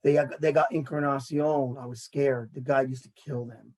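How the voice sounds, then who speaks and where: A man, hosting a casual sports talk show and ranting in an animated way while mocking others' words. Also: mid-range voice, moderate pace, rough recording.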